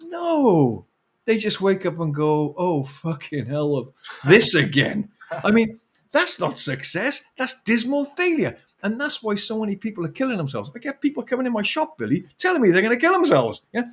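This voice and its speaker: This is a middle-aged man whose voice swoops high and low as he gets carried away in a rant. He talks as an interview guest, slightly high for a man, with swearing, laughter and big emphatic jumps. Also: fairly quick, few pauses, slightly rough. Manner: animated ranting with swearing and laughs. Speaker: author guest. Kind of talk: impassioned interview talk.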